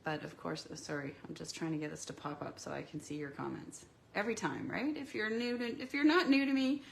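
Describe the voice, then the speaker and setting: A woman's voice: low voice, a little fast, gravelly, a little hiss or hum. A sick, congested woman chatting casually and rambling with lots of ums as she demonstrates papercraft products on a live stream from her home craft desk.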